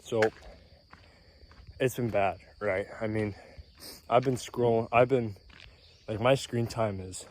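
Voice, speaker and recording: A man's voice: lowish voice, darkish tone. Rambling man, slightly out of breath. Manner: rambling, says "right?" often, clears throat a lot. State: a little out of breath. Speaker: vlogger. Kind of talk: casual self-improvement talk. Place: outdoors in nature, mosquitoes around. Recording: faint outdoor noise with insects.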